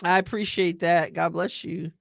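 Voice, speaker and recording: A middle-aged woman hosting a live stream, chatting casually and excitedly as she reacts to a sports draft and answers her viewers. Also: on the low side, normal speed, vocal fry, no echo, clean studio sound. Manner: chatty and excitable, thinking aloud and talking to chat viewers.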